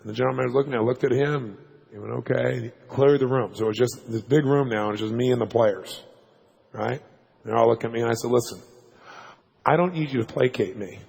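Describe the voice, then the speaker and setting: Fast, gravelly-voiced man telling a story. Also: mid-range voice, poor audio. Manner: animated, emphatic storytelling with laughs. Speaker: motivational speaker. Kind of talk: storytelling seminar talk.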